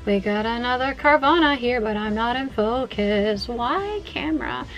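A woman casually vlogging while she plays a phone game at home, chatty and excitable, talking to herself as she goes. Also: on the high side, normal speed, lo-fi sound, faint music behind. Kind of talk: casual gaming vlog.

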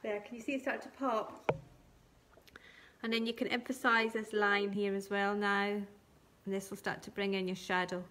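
A woman teaching colouring and shading on a live stream, talking gently step by step and thanking viewers by name. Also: mid-range voice, little pitch movement, moderate pace, slight background noise. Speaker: craft tutor.

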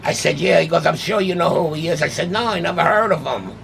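An older New man with a deeply gravelly, rough voice spins a casual story, jumping into the voices of the people in it. He sits a little high in his register, and a faint hum of room ambience sits under him. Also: quick pace. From New York City. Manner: animated, acts out quoted dialogue. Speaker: guest, autograph collector.

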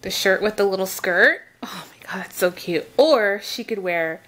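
A young woman gushing over gifts in an excited unboxing vlog, gasping and repeating exclamations of delight. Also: mid-range voice, moderate pace.

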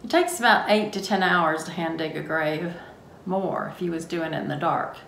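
A woman's voice: on the low side, moderate pace, creaky, fairly bright tone. Woman reading as a blunt Texas grave digger. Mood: grim, matter-of-fact. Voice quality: plainspoken, folksy drawl. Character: blunt, matter-of-fact rural cemetery caretaker. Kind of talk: reading a novel's prologue aloud. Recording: roomy room, faint noise.

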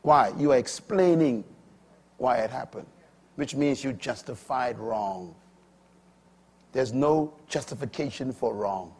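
Husky, emphatic male preacher. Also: mid-range voice, slow, long pauses. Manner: emphatic, swinging between loud declarations and quiet asides. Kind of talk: sermon.

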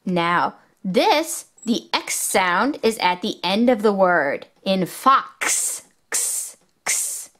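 A woman hosting a children's toy video, slowly sounding out letters and words in a sing-song, excitable teaching manner. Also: mid-range voice. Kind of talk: children's educational toy demo.

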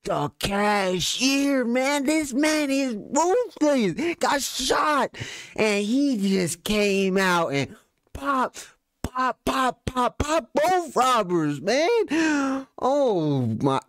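A music reaction host who talks in excited exclamations. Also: sits high, drawn-out words, no echo, clean studio sound.

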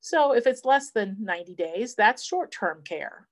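A woman's voice: fairly high pitch, measured pace. A middle-aged woman, an insurance advisor giving a seminar talk and telling a family story in a chatty way. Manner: chatty storyteller, quotes family in lively voices.

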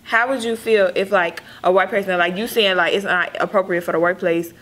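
A woman's voice: mid-range voice, fairly even intonation, a little fast, fairly bright tone. A young woman student panelist in a casual discussion, circling her point with hesitant restarts. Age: young adult.

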